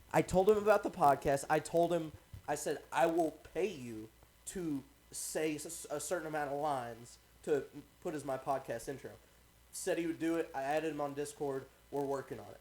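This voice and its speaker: A young man hosting a podcast, telling a story in a casual, animated way, laughing often and swearing freely. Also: fairly high pitch. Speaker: podcast host.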